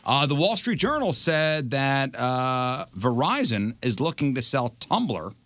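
A man's voice: mid-range voice, sing-song, measured pace, a bit bright. A man hosting a casual radio show, reading out rankings while teasing and laughing with his co-hosts. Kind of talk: casual morning show banter.

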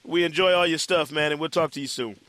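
A man's voice: a little high, quick pace, a bit bright, no echo. A man hosting a casual basketball podcast, laid-back and loose, with plenty of "you know" fillers. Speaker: podcast host.

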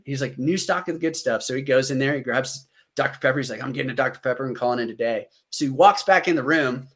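A man in his thirties with an American accent, telling a war story as a podcast guest, animated and acting out the dialogue he quotes. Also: mid-range voice. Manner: animated, acts out quoted dialogue, frequent fillers. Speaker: podcast guest, combat veteran. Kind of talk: casual storytelling.

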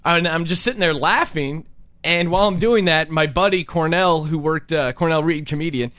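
High-voiced man telling stories, dry sound. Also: normal speed, no echo. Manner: animated, acts out people he quotes. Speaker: podcast host. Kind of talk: casual storytelling chat.

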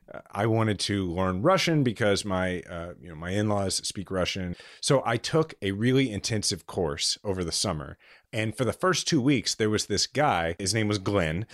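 A male podcast co-host telling a story in casual chat, with halting restarts and fillers. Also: fairly low pitch, no room sound, studio quality. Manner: hesitant, many restarts and fillers.

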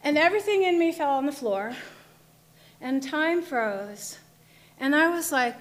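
A woman with a high, light voice tells a personal story with vivid drama. She moves from hushed tension to loud outbursts as she relives it. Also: expressive, a little slow, long pauses. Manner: vivid, dramatic retelling, shifting between hushed and shouting.

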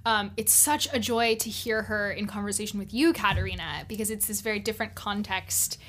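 A woman hosting a podcast panel, her voice at an everyday middle pitch. She talks in a friendly, slightly hesitant way, leaning on fillers as she goes. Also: fairly even intonation, brisk, fairly bright tone. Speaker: podcast host. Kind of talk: casual panel chat.

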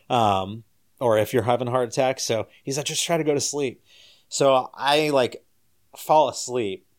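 A man casually telling a story as a guest. He jumps higher and louder when he quotes people, laughs as he goes, and turns soft and low as he winds down.

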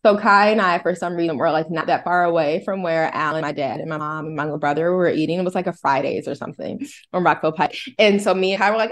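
A woman's voice: medium pitch, fast, a bit bright. Chatty woman telling a family story. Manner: chatty, rambling, many "like" fillers. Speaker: podcast co-host and mother. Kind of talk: casual storytelling chat.

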